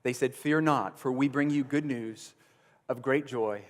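A man delivers an earnest sermon from the pulpit. His mid-pitched voice swells into emphatic bursts, then drops low and quiet to press a point home. The sound carries a long hall reverb. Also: a little slow. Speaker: pastor.

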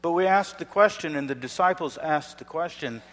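A man preaching a sermon as a pastor, emphatic and swinging between hushed, low passages and loud declarations. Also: moderate pace, few pauses. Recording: long reverb of a large hall.

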